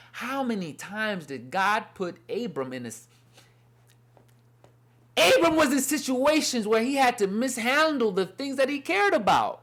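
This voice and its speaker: A young man teaches a casual, earnest Bible lesson as a devotional talk, rambling and saying "you know what I mean" again and again. His voice is high, sing-song, a bit bright, and unhurried.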